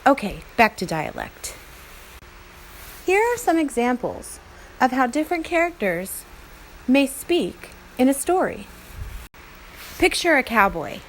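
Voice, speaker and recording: A woman teacher narrating a lesson in an upbeat, expressive, chatty way. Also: sits high, unhurried, pauses often, a little hiss or hum, low-quality recording.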